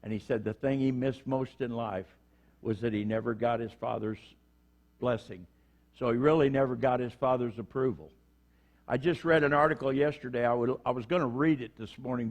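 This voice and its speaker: A middle-aged man preaching a conversational sermon in church, acting out short quotes as he goes. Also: medium pitch. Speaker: prison minister preaching.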